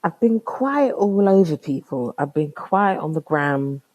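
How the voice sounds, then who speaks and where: A woman's voice: sits low, animated, a little slow, darkish tone. A young woman with a London accent hosting her own podcast. She tells a story in casual slang, exclaims often and acts out both sides of a conversation. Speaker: podcast host.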